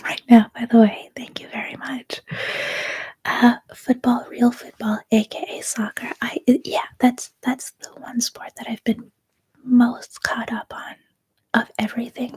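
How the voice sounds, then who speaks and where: A Canadian woman in her thirties, whispering a soft-spoken, rambling ASMR livestream chat. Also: on the high side, breathy edge. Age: 30s. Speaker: ASMR streamer.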